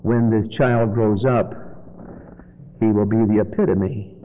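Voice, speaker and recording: A man preaching a sermon in church, swinging from loud, high exhortation to low, quiet warning. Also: fairly even intonation, takes it slowly. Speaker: pastor. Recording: dull lo-fi sermon recording with faint noise.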